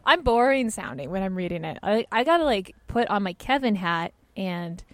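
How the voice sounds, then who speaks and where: A woman's voice: mid-range voice, expressive, dry recording. A woman co-hosting a podcast in casual chat, talkative and self-deprecating. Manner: chatty and quick to laugh, self-deprecating. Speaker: podcast co-host.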